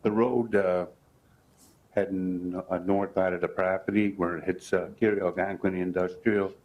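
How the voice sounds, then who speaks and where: Low flat-voiced guy at a town meeting, lots of uhs. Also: highs cut off, a little hiss or hum. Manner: halting, with many uhs. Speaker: resident. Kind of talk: public comment.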